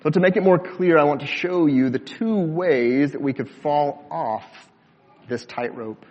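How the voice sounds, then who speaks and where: A man preaching a sermon as pastor, measured and deliberate, slowing down for emphasis and dropping low at the ends of phrases. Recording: dull sound with long hall reverb.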